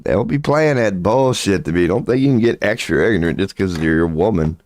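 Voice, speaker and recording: A man with a very low voice rambles through a crude, swaggering monologue. He swears constantly and breaks into laughter between phrases. The recording is close and dry, with no room sound. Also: animated, fairly quick, darkish tone, no room sound. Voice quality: crude, swaggering, profanity-laced talk. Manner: laughs often mid-sentence. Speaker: channel host.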